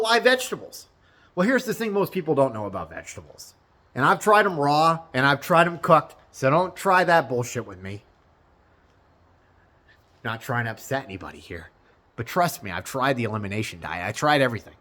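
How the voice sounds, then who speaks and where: A young man tells his story to the camera in a loose, casual vlog. His voice sits a little high for a man and swings widely in pitch. He is blunt, swears freely and jokes with bursts of mock outrage. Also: sharp tone. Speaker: vlogger and streamer.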